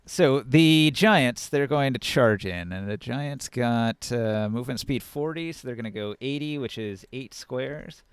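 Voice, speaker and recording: A man's voice: medium pitch, unhurried, hardly any pauses, clean tone, no echo. A man running a tabletop game as game master, casually narrating the action and sound effects. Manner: casual, animated narration with counting and sound words.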